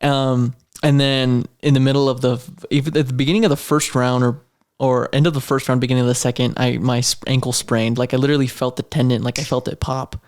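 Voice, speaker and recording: Fast-talking rambling young fighter man. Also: mid-range voice, fairly even intonation. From Idaho, USA. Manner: rambling storyteller, heavy use of "like". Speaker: amateur MMA fighter guest. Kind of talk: casual podcast chat.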